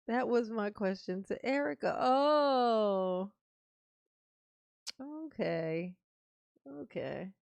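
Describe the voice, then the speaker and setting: A woman hosts a casual livestream and talks to her viewers at an unhurried, drawn-out pace. Her voice has a gravelly rasp, and she swears freely. The sound is close and dry, with no room echo. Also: a little high, lively intonation, darkish tone, lo-fi sound. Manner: laid-back, swears freely, breaks into laughter. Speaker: livestream host reading viewer comments.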